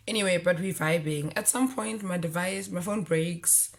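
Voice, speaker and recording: A young woman talks straight into her camera and tells a story from her own life. Her voice sits a little low for a woman. She keeps acting out what each person said, so her voice jumps between the characters. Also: normal speed, creaky, few pauses. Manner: animated, acts out quoted lines in her story. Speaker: vlogger.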